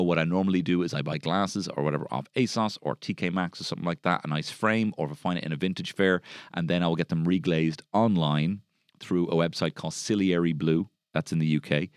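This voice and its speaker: A man's voice: sits low, clean tone, no room sound, studio quality. A man with an Irish accent hosting a solo comedy podcast, rambling and sardonic, swearing freely. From Ireland. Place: podcast studio.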